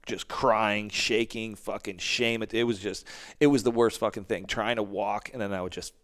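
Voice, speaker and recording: A man's voice: lowish voice, steady tone, normal speed, fairly bright tone. A man in his forties telling stories candidly in an interview, swearing often and acting out what people said. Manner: candid, heavy swearing, acts out quotes. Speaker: podcast guest, band frontman. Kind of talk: casual interview storytelling.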